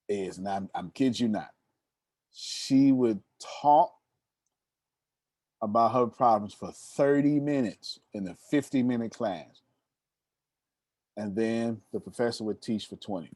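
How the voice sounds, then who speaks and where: A man in his thirties, a motivational speaker telling stories to an audience, animated and addressing the listeners directly with a teasing tone. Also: mid-range voice, measured pace, pauses often, no echo, studio quality. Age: 30s. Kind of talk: storytelling talk to an audience.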